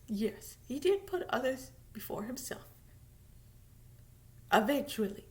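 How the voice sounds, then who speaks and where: High-voiced, animated woman vlogger. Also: slow, long pauses. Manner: animated, emphatic, repeats words; drops to a whisper at times. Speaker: vlogger reviewing a TV series. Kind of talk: casual chat.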